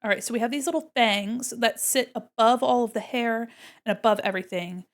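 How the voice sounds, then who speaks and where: A woman's voice: on the high side, fairly quick. Gushing, giggly young woman streamer. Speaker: art streamer. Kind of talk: casual livestream chat.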